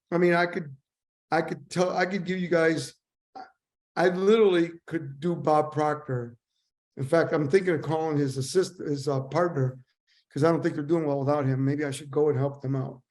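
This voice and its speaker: An older man, a guest in an interview, telling animated stories and acting out the dialogue. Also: fairly high pitch. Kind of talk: storytelling interview.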